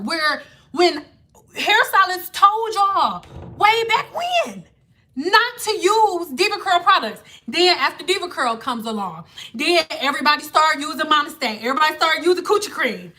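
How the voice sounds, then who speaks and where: Bright-voiced woman ranting. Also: sits high. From Detroit. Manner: blunt, ranting, swearing freely. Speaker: hair vlogger. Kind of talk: casual rant to camera.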